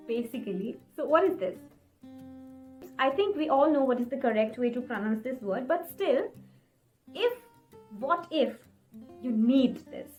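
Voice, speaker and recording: A woman teaching English pronunciation in a video lesson, encouraging viewers and repeating words slowly for them to practice. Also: high voice, lively intonation, dull audio. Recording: faint guitar music behind.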